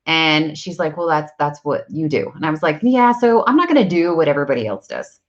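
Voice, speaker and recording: Thirtysomething woman venting to her viewers, lowish voice, kinda muffled lo-fi sound. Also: lively intonation, fairly quick. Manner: candid, storytelling, acts out conversations. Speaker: vlogger on self-improvement. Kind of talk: casual talk to viewers, live stream. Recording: dull lo-fi sound.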